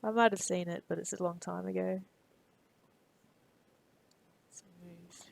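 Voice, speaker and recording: Soft-spoken woman with a creaky voice. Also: fairly low pitch, steady tone, a little slow, a little hiss or hum, low-quality recording. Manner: mutters quietly to herself while working, reading tool tips aloud; chats loosely with viewers in between. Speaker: live streamer. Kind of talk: casual live-stream chat while 3D modeling.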